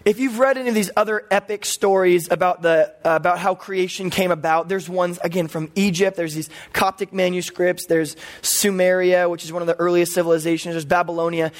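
A man's voice: high-pitched, fairly even intonation, fairly quick, few pauses. A man who is a pastor, preaching a teaching sermon and explaining scripture with playful asides.

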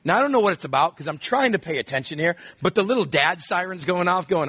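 A middle-aged male pastor giving a sermon, telling lively family stories and acting out his children's voices. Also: sits high, quick pace, breathy edge, no echo. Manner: animated storytelling, acts out his kids' voices.

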